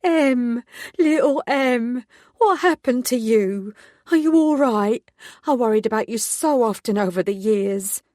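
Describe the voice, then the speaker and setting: A woman's voice: fairly high pitch, animated, unhurried, darkish tone, no echo, studio quality, pitched above the performer's own voice. A woman voicing an effusive, gossipy village woman in her mid-forties in an audiobook. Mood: gushing. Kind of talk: audiobook character voice.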